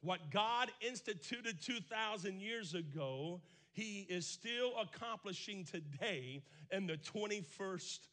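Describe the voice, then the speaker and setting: Pastor, male, high and bright, preacherly delivery, swells from hushed to shouting. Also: expressive, slow, hardly any pauses. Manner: preacherly, swings from quiet to shouting; repeats phrases for emphasis. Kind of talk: sermon.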